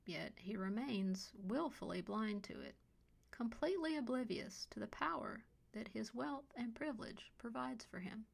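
Woman narrator with a gravelly edge. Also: a little high, animated, normal speed. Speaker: podcast host and storyteller. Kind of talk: scripted story narration.

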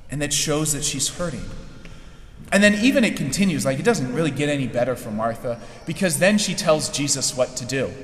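A man's voice: on the high side, expressive, moderate pace, fairly bright tone, a little hiss or hum. A man preaching a sermon in a conversational way, often checking in with the listeners. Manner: conversational, keeps asking "right?". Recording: echoey hall with long reverb.

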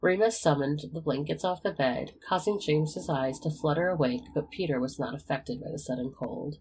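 A reader narrating a romantic fan fiction story in a steady, even manner. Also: medium pitch, moderate pace, slightly rough, low-quality recording. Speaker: audiobook reader. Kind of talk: reading fan fiction aloud.

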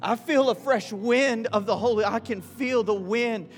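A man preaching and praying, moving from quiet pleading to shouted, repeated prayer. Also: very high-pitched, unhurried. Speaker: pastor. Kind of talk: sermon and prayer. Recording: long reverb with faint music.

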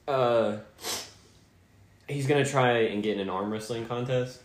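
A man's voice: medium pitch, unhurried, reverberant. A man playing in a tabletop game, talking casually and hesitantly with many fillers. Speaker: player.

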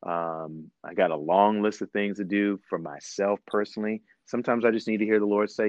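A preacher describing a devotional practice in a reflective, unhurried way, with many fillers. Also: male voice, fairly low pitch, steady tone, darkish tone, no room sound, lo-fi sound. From Ohio. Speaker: guest preacher. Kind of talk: phone-in devotional talk.

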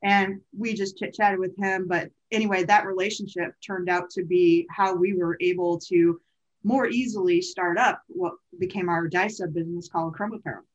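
A woman's voice: fairly low pitch, fairly even intonation, moderate pace, dull audio. A woman co-hosting a podcast, telling a story in a chatty, meandering way with self-corrections. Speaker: podcast co-host. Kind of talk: casual conversational storytelling.

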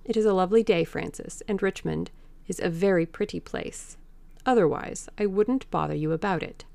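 Raised-voice young victorian gent giving orders, a woman doing him, gravelly and slow, dry close sound. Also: on the low side, no room sound. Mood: brisk. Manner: soft pleading, then brisk and authoritative. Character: Dorian Gray, young Victorian gentleman, pleading then commanding.

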